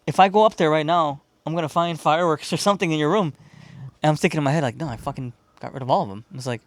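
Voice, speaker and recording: Racing through a wild anecdote, a man co-hosting a podcast speaks at a fairly high pitch in studio-quality audio without echo. He swears without restraint, laughs often, and acts out the voices of everyone in the story during the casual studio chat.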